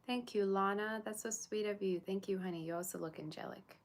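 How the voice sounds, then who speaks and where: A woman's voice: mid-range voice, a little fast. A woman doing a live tarot reading, chatting casually with her viewers. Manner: chatty, talks to viewers and chat. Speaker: tarot reader.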